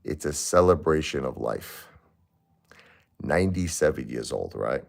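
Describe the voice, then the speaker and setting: A man hosting a livestream, grieving and halting as he talks, often repeating himself. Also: extremely low pitch, creaky. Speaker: livestream host. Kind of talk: emotional livestream talk.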